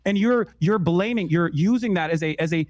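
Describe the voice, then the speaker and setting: A man's voice: sits high, brisk, a crowd in the background. A man debating with sarcastic, cutting remarks. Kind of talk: heated debate clip.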